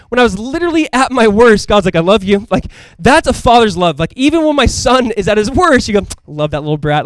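A man preaches a sermon in a loose, conversational style, peppered with asides and bursts of emphasis. His voice sits a bit high, and he talks quickly. The sound is close and dry. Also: no room sound. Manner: animated, emphatic delivery. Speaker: pastor.

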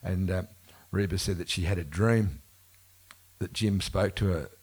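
Deep, husky man spinning yarns. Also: a little slow, a little mellow. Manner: rambling, self-correcting, laughs often. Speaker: musician being interviewed. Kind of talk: casual storytelling conversation. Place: bookshop event before a live audience. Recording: live event recording.

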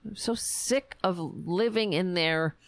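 A woman hosting a ranting political commentary show, sarcastic and exasperated, and her voice is going hoarse. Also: lowish voice, slow pace, no room sound. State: losing her voice.

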